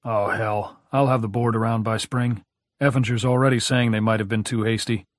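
A man voicing a strained middle-aged father and struggling writer who talks in a tense, hurried way. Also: lowish voice, fairly even intonation, no echo, studio quality, natural voice.

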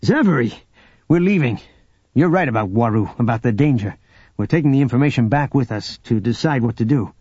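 A blunt, protective smuggler, voiced by a male narrator, talks plainly and without fuss. His voice is dark and husky on a dull, dry recording. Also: mid-range voice, lively intonation, a little fast, no room sound. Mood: brisk. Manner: blunt, matter-of-fact.

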